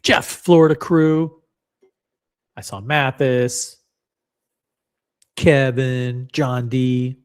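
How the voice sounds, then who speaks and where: A man's voice: mid-range voice, fairly even intonation, drawn-out words, long pauses, smooth. A man hosting a loose, casual livestream. He rambles from one thing to the next and jokes at his own expense as he talks to the viewers. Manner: rambling, joking, self-deprecating. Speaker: livestream host.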